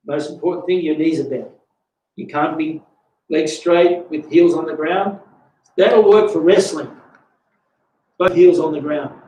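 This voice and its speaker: A man's voice: a little high, fairly even intonation, a little slow, mellow, low-quality recording. Older Australian man teaching karate. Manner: conversational, explains with asides and stories. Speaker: karate instructor. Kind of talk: instructional talk.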